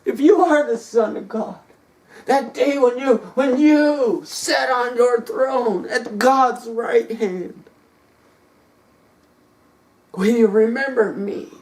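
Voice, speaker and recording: Brief: a desperate condemned robber, pleading and insistent, slow delivery, as a preacher puts him on. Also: medium pitch, far from the mic. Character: repentant robber on a cross, male.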